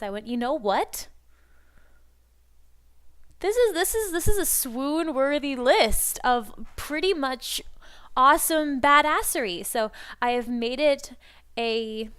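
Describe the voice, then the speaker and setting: Bubbly woman with a smooth voice. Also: mid-range voice, fairly bright tone. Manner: bubbly, rambling fan enthusiasm. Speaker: podcast host. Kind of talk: casual podcast chat.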